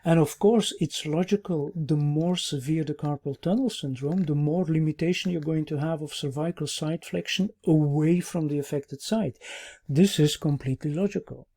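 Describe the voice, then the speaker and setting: A man teaching a recorded clinical course, explaining at an even pace with many "uh" pauses and checking "yeah?" tags. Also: a little high. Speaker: orthopaedic medicine instructor.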